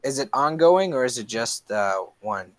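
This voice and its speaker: A man's voice: mid-range voice, expressive, moderate pace. A man playing a tabletop game, describing his actions hesitantly with many fillers. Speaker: player.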